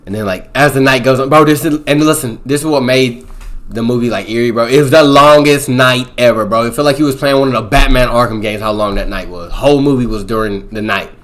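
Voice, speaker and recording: A young man retelling a film's story in loose, rambling fashion. His speech is full of slang, with a filler of "boom" dropped between events. His voice sits at an ordinary middle pitch. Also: a little fast, a bit bright. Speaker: movie reviewer. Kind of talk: casual movie recap.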